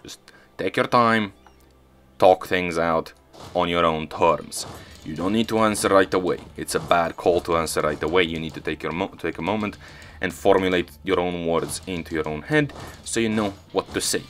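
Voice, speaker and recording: A man's voice: sits low, moderate pace, fairly bright tone. A man hosting a strategy game let's-play, telling a casual story in a rambling way and often restarting his sentences. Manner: rambling, self-correcting, frequent restarts. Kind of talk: casual storytelling over gameplay.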